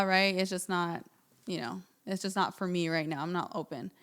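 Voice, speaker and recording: A woman co-hosting a casual podcast, calmly explaining how to follow up with prospects step by step. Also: fairly low pitch, normal speed. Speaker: podcast co-host. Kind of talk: casual podcast coaching talk.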